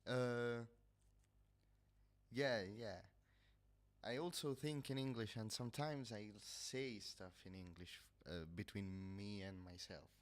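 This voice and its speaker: A man's voice: fairly low pitch, slow pace. A man from Italy speaking English with an Italian accent, chatting casually on a livestream, nasal-sounding and hesitant, often stopping to search for words. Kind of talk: casual chat. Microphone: headset.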